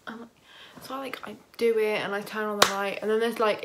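A young woman vlogging, casually retelling a stressful experience in an animated way, full of "like" and acted-out quotes. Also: medium pitch, fast talker, slight background noise. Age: young adult. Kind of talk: casual storytelling vlog.

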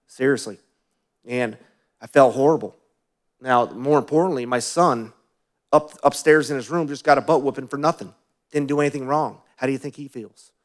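Brief: male pastor, mid-pitched voice, relaxed storytelling sermon with questions to the congregation and quiet asides.

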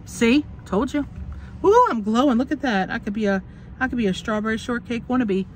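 A woman's voice: on the high side, lively intonation, a little fast, slight background noise. A woman vlogging from inside a car on her phone, chatting and joking while sick with a cough, swearing and laughing often. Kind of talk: casual chat to camera.

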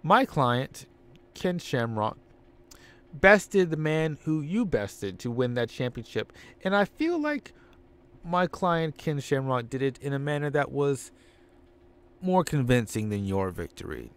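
A man voicing a smug, scheming male wrestling manager with pompous, drawn-out taunts. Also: mid-range voice, big pitch swings, smooth.

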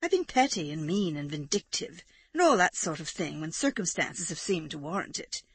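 A woman's voice: deep voice, animated, normal speed, breathy edge, heavily acted. A woman voicing a wry, unrepentant English lady. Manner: dry, dispassionate, drily amused.

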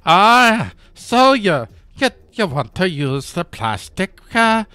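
A man's voice: big pitch swings, slow, clear, resonant tone, no room sound, full character voice. Man doing a barking Irish straw cop. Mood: scolding. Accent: mock Irish. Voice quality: loud, high and barking. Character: stern authoritarian Irish straw policeman.

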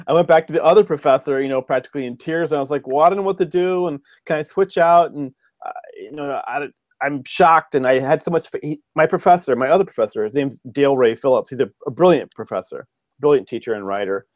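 A fiction writer appears as a podcast guest, rambling through casual stories with frequent ums and restarts. His voice is mid-range and quick-paced, and the recording is dry.

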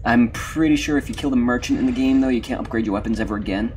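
Male streamer, mid pitch, jokey and profane, noisy game audio behind. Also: fast talker. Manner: joking and profane, with loud outbursts. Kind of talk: casual gameplay commentary.

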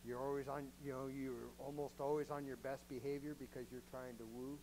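A man's voice: mid-range voice, flat delivery, a little fast, a little mellow, a little hiss or hum, poor audio. A man preaching a sermon as a pastor, in a conversational, joking way and often asking the congregation questions.

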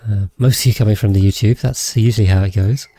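A man's voice: fairly low pitch, fairly even intonation, fast, warm tone, no echo. A man rambling casually as he streams a game, thinking aloud and thanking his viewers. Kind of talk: casual gameplay livestream chat.

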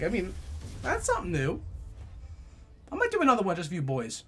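A young man giving live gameplay commentary, profane and trash-talking, swinging between loud outbursts and low mutters. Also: huge pitch swings, a little fast, slightly rough. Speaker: gaming YouTuber.

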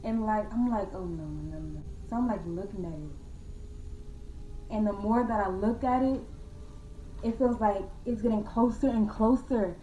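A young woman casually telling a true ghost story to her viewers, slangy and animated, calling them y'all and acting out her own scared voice. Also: on the high side, measured pace, pauses often, recorded from a distance, slight background noise. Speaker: vlogger. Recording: echoey room from off-mic.

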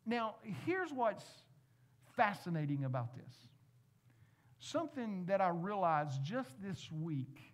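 A man's voice: sits high, big pitch swings, slow. Conversational male pastor preaching. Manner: conversational, asks the congregation questions, playful asides. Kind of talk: sermon.

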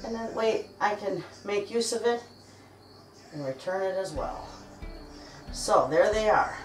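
A middle-aged cooking vlogger chats in a folksy, friendly way with viewers while cooking in her home kitchen. Her mid-range voice is animated at a measured pace, picked up by a distant mic with soft music playing behind her.

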